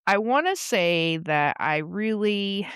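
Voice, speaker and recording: Woman, podcast co-host, casual comic recap, slow pace, smooth clear voice, dry close sound, laughs and swears. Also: medium pitch, no room sound. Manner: animated retelling, laughs often, swears casually.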